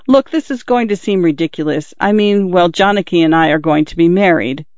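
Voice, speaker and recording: A bashful young man in love, talking in a hurried, embarrassed rush, as a male reader puts him on. The voice sits a little high, and the recording is dull and dry, with no room sound. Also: dry recording. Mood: earnest. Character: young man, flustered and newly engaged.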